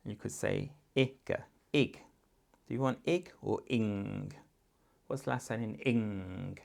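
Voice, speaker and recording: A man's voice: on the low side, a little slow, gravelly, a little mellow. A man with an English accent, a teacher patiently walking parents through a phonics writing exercise step by step. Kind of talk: instructional guidance for parents.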